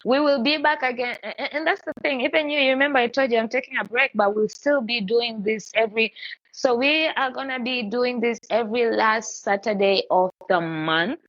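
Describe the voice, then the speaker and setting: A woman hosting a podcast in casual live-stream chat, talking in a chatty, animated way with many restarts. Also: on the high side, normal speed, no echo, dull audio. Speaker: podcast host.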